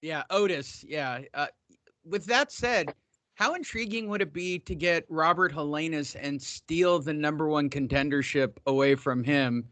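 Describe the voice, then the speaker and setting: Joking podcast host, bright voice. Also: male voice, a little high, measured pace, no room sound. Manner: joking, self-mocking. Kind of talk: casual podcast banter.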